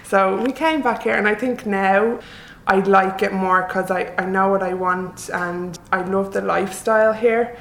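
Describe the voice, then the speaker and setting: A woman's voice: medium pitch, fairly even intonation, a little slow, hardly any pauses, a bit bright, a little hiss or hum. A woman in her thirties with an Irish Dublin accent, chatting easily as an interview guest and laughing often. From Ireland. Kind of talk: casual interview chat. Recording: roomy echoey sound.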